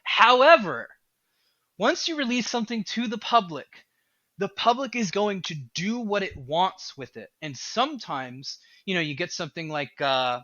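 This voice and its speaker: A man who is a game developer, talking as a podcast guest in an animated, rambling way. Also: sits high, moderate pace, dry recording, lo-fi sound. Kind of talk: casual podcast chat.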